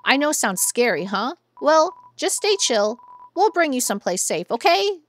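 A chill young armored guard who drawls in slang , played by a woman. He sounds relaxed and lazy, in a high voice that bounces around. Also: moderate pace, slight background noise. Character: laid-back young male armored guard, surfer-ish.

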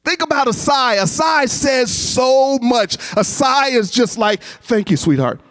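A man giving a chapel sermon, telling stories in a lively way and acting out voices. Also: very high voice, a little slow. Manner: animated storytelling, acts out voices. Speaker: chapel speaker. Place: college chapel with a masked audience.

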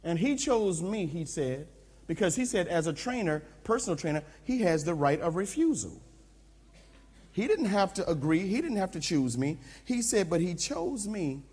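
A middle-aged male pastor preaching a sermon, telling a personal story in an animated, self-mocking way at a church camp tent. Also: a little high, breathy edge. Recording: long reverb in a large tent, mini disc recording.

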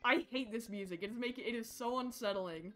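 A woman's voice: on the high side, fairly quick. A young woman streaming a horror game, chattering jokingly to herself and shrieking and laughing when something startles her. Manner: excitable, shrieks and laughs when startled, jokey self-talk. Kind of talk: live horror game commentary.

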